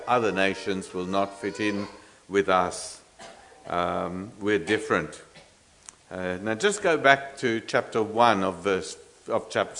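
A man's voice: on the low side, fairly bright tone, slight background noise. A man preaching an expository sermon, earnest and emphatic, with frequent fillers and restarts, asking the congregation rhetorical questions.

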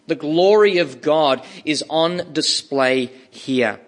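A man preaching a sermon, slow and emphatic, with dramatic pauses and repeated words for stress. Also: on the high side.

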